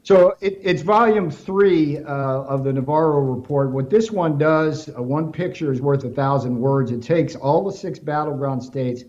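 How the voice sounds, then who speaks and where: A man's voice: a little high, normal speed, few pauses. Guest guy on talk radio, fired up telling his story, muffled lo-fi line. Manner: animated storyteller, emphatic.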